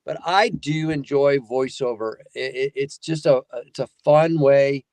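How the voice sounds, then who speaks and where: A man's voice: mid-range voice, a little slow, no room sound. A man who works as a voice actor, telling rambling stories as a guest in a casual chat. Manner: rambling, animated storyteller.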